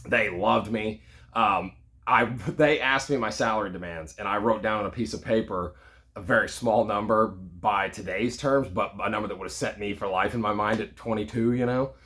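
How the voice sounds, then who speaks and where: A man's voice: fairly low pitch, normal speed, a bit bright. A man in his thirties, a real estate agent, casually telling a personal story with frequent "you know" and "like".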